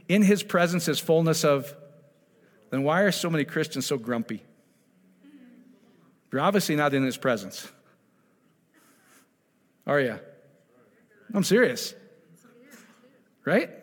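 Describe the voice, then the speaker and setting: A man preaching a sermon, emphatic and full of rhetorical questions, moving between loud exhortation and quiet, intimate asides. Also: a little high. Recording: long hall reverb.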